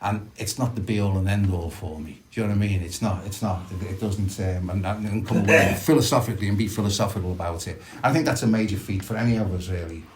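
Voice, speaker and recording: A middle-aged man, sharing reflectively and haltingly at a recovery meeting, with many restarts. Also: deep voice, a little hiss or hum. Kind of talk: personal sharing at a support meeting.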